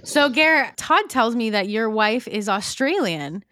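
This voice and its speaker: A woman's voice: a little high, lively intonation, measured pace, bright, forceful tone, no room sound, clean studio sound. A woman from Argentina co-hosting a podcast, asking curious, bubbly questions in casual conversation. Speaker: podcast co-host.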